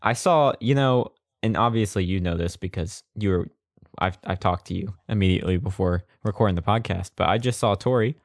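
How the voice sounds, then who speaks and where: A man's voice: deep voice, a little fast, no echo, studio quality. A young man co-hosting a casual podcast chat, laid-back and rambling. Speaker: podcast co-host.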